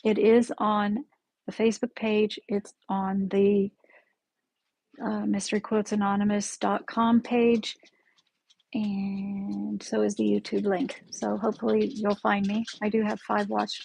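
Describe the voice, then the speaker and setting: A woman hosting a casual live-stream quilting lesson from her sewing room, chatty and friendly, often pausing to correct herself. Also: medium pitch, flat delivery, vocal fry, a little mellow, husky, dry recording, rough recording. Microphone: camera in the room, with her stepping back from it.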